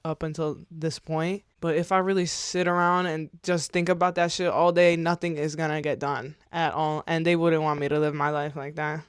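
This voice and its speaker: A woman's voice: low-pitched, smooth, no echo, studio quality. A woman in her twenties talking candidly to camera in a vlog, rambling, slangy and swearing, tearful at times. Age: 20s. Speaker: vlogger.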